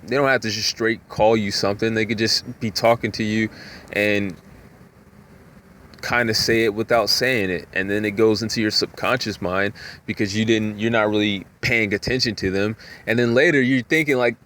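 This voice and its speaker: A man talking in a rambling, casual monologue, full of "you know" fillers, sometimes jumping up in pitch to act out voices. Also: fairly even intonation, normal speed, fairly bright tone, a little hiss or hum. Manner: acts out voices with jumps in pitch.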